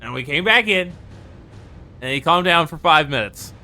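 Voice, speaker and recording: A man's voice: a little high, animated, normal speed, sharp tone. A man streaming a video game live, chatting casually to himself and his viewers and swearing now and then. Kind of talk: casual live gameplay commentary. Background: game music.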